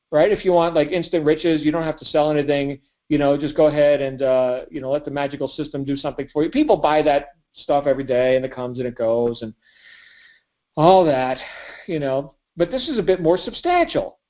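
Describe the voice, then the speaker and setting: Male business coach, slightly high voice, preachy pep-talk delivery on a call. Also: a little mellow, poor audio. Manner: emphatic, preachy, laughs at his own points.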